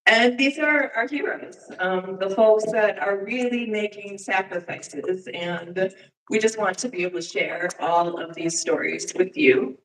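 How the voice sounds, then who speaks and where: Woman, church speaker presenting slides, halting delivery with frequent fillers, distant and echoey room sound. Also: medium pitch, a little hiss or hum. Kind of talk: informal presentation to a congregation. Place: church sanctuary.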